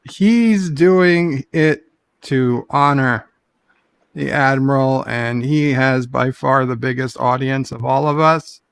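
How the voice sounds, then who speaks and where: A man in a casual podcast chat, talking in a measured, reasoning way. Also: mid-range voice, creaky, clean tone, no room sound.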